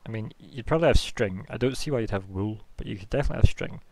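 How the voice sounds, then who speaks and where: A man's voice: fairly low pitch, fast, mellow, dry recording. A young man narrating as game master in a casual, joking way, laughing often.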